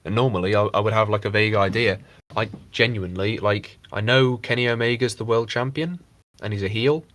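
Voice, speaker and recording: A man co-hosts a casual podcast in a somewhat low voice. He rambles, swears freely and slips into mocking impressions. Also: fairly quick, fairly bright tone. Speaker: podcast co-host. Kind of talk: casual chat.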